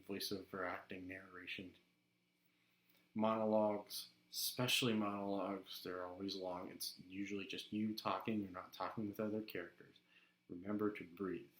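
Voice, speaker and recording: A young man hosting a channel and giving upbeat, casual acting and voiceover tips. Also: lowish voice. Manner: upbeat and instructive, with sudden shifts in loudness. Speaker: voice actor and channel host. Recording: roomy echo.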